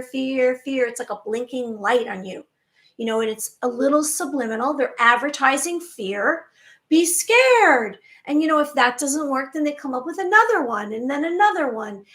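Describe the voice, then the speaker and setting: A woman with a grown daughter giving an earnest spiritual monologue to her viewers, soft and reassuring, with many rhetorical questions. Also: sits high. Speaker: spiritual channel host.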